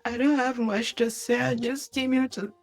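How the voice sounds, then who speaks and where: A woman calling in to a live stream to share a tearful, heartfelt tribute, speaking in a halting way and holding back tears. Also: fairly high pitch, steady tone, faint music behind. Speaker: caller sharing a tribute. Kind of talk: emotional phone-in tribute.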